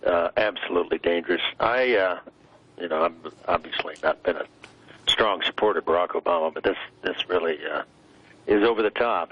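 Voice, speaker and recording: Gravelly low-voiced older man, halting. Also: highs cut off. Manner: measured, deliberate, many hesitant "uh" pauses. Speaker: interview guest, former vice president. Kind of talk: broadcast interview commentary.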